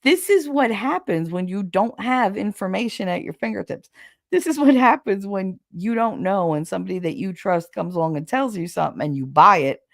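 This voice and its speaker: Creaky-voiced woman telling frank stories. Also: medium pitch, animated, brisk, no echo, clean studio sound. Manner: gossipy and frank, laughing often. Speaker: podcast host. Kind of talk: casual storytelling chat.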